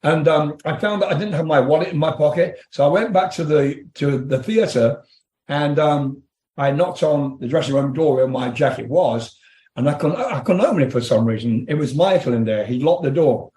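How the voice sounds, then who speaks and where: A man's voice: fairly high pitch, moderate pace, mellow, reverberant. An older English man, a rock singer, candidly telling profane stories in an interview, laughing as he goes. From England. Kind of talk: storytelling interview.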